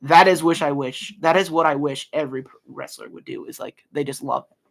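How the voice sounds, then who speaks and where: Gravelly, earnest young man rambling. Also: fairly high pitch, fairly even intonation, fairly quick, a bit bright. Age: early 20s. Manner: rambling, earnest, many fillers and restarts. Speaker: podcast host. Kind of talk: casual solo podcast talk.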